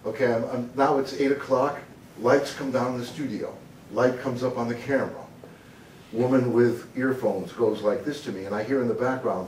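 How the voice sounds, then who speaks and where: An older man from the United States tells an animated story on stage, now and then dropping into a booming announcer voice and chuckling at his own lines. His voice carries through an echoey hall and comes across a little distant from the mic, with a faint background hiss. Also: moderate pace. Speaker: motivational humor speaker. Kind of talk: storytelling keynote talk.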